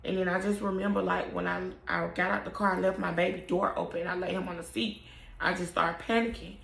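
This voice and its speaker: A young woman tells the story of losing her son, halting and emotional, often trailing off. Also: fairly low pitch, steady tone, vocal fry, fairly bright tone. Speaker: mother telling her story. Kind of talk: personal storytelling to camera. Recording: roomy echo.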